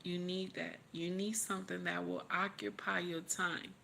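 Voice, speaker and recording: A woman's voice: on the low side, level tone, moderate pace, creaky, pushed and bright, slight background noise. A woman hosting a livestream, tearful, giving emotional motivational talk and repeating her encouragements over and over in a preachy way. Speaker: livestream host.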